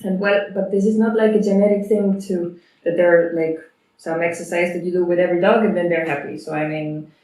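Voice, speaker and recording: A woman's voice: fairly low pitch, steady tone, a little fast, darkish tone. A woman, a dog trainer, answering interview questions in a thoughtful, explanatory way, often adding "I mean" asides. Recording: very echoey room, mic far off.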